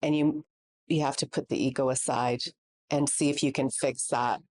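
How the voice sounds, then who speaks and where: A woman's voice: a bass voice, fairly even intonation, normal speed, a little mellow. A woman host leading a live Q&A, talking in a conversational, reflective way. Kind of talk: hosting a live Q&A.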